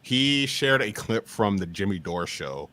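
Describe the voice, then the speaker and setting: A man's voice: lowish voice, big pitch swings, unhurried, bright, forceful tone. A man chatting casually on a group stream, offhand and hesitant, with frequent fillers. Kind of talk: casual chat.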